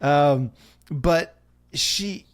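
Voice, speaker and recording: A man on a comedy podcast, telling stories with his voice pitched a little high. He jumps in and out of playful impressions and breaks into laughter often. The talk is loose and casual. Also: very slow, smooth. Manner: animated storytelling with frequent laughter and acted-out quotes. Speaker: podcast co-host.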